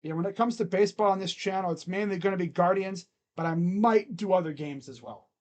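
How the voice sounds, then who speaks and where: Casual live reaction host, mid-pitched and rambling, stretches out play calls and chats between them. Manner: rambling, joking, talks to himself between plays; drawn-out play calls during game action. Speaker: sports reaction streamer.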